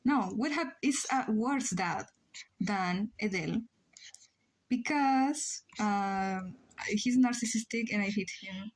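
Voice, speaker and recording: A young woman whose first language is Spanish chats on a drawing stream at a slow, unhurried pace. She sits close to a desk mic at home, and her voice sits at a middle pitch. She jokes about herself and fills pauses with ums. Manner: chatty, self-mocking, frequent ums and laughs. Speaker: livestreamer. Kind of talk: casual stream chat reading chat messages.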